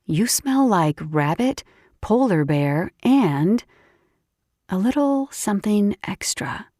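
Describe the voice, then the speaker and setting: A teasing young female shifter friend from an audiobook, playful and sly, with a slightly lowered voice, put on by a woman narrator. The sound is close and dry with no room around it. The pitch sits in an ordinary middle range for a woman. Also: very animated, slow pace, a little mellow, dry recording.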